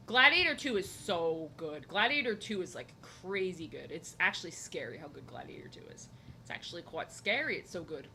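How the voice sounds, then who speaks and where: Seated at her desk at home, a young art streamer rambles jokily while she draws, frequently interrupting herself. She has a lowish, sharp-toned voice, and a faint hiss or hum runs under the recording.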